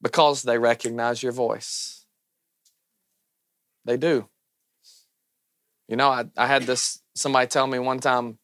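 A man with a Southern American accent preaching a sermon as a pastor, loud, animated and self-deprecating. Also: mid-range voice, moderate pace, long pauses, no room sound.

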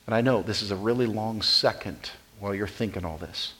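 A male pastor preaching a sermon, repeating key phrases and swinging from loud emphatic lines to quiet, conversational asides. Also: on the low side, fairly quick, poor audio.

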